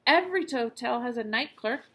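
A woman's voice: fairly high pitch, lively intonation, moderate pace, pitched above the performer's own voice, full character voice. Woman reading as a worried mother. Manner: anxious, gentle. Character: worried mother of a sick boy.

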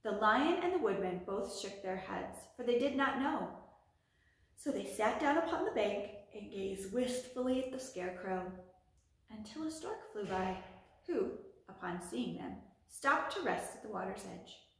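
A woman reading a children's book aloud at a library storytime, with gentle, steady narration. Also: mid-range voice, unhurried. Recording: echoey room.

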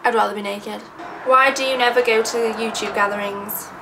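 Chatty young English woman, gravelly voice. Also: mid-range voice, steady tone, fairly quick. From England. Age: 20s. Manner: chatty, sarcastic, self-deprecating. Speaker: YouTuber. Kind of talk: casual vlog Q&A. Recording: distant mic with background noise.

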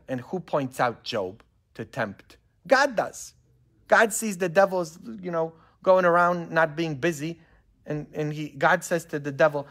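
A man, a pastor leading a Bible study in a church, preaching with animated rhetorical questions and a constant "huh?". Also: fairly high pitch. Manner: animated, asks the group questions and keeps tagging "huh?".

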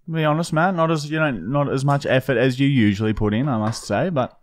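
A man co-hosting a podcast, reading made-up news items in a crude, deadpan way. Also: medium pitch, quick pace, no echo, studio quality. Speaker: podcast co-host. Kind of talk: joking banter, reading mock news items.

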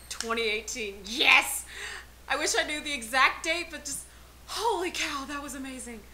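Reacting to a trailer in a fairly high voice, the young woman squeals and gushes with exclamation after exclamation. Faint trailer music plays against a noisy background.

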